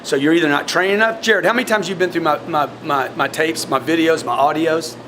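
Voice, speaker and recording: A man coaching his sales team in a blunt, forceful way, often repeating words. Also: on the high side, a little fast, background noise. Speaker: sales trainer.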